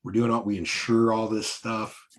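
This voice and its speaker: Man coaching online, fairly low voice, emphatic, casual, lots of fillers. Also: flat delivery, normal speed. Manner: conversational, emphatic, many fillers and restarts. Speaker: business coach. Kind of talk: live online coaching talk.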